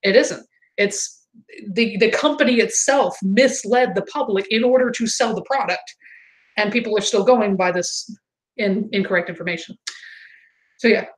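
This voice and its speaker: A woman hosting a casual livestream, chatting and answering chat comments, sometimes mimicking others in high exaggerated voices. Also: normal speed, poor audio. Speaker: livestream host.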